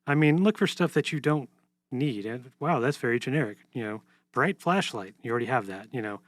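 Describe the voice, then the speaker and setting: A man co-hosting a tech podcast, explaining app safety in a relaxed casual chat. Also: medium pitch, fairly quick, no room sound. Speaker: tech reporter co-host.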